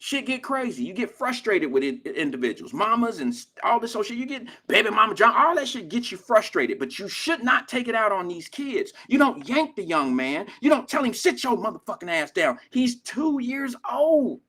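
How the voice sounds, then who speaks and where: Animated older man hosting talk radio. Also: high-pitched, moderate pace, few pauses. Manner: animated storytelling, profane street slang. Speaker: radio show host. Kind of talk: casual talk radio monologue.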